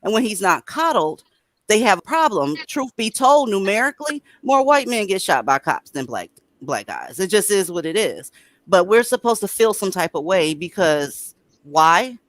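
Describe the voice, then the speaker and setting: A woman's voice: medium pitch, sing-song, moderate pace, no echo. A woman hosting a casual group discussion over a video call, blunt and putting questions to the others. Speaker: host.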